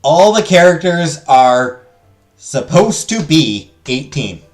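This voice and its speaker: A man's voice: fairly high pitch, very animated, slow pace, faint music behind. A man giving casual gameplay commentary, rambling and stammering, swearing and mocking himself. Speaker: gaming streamer.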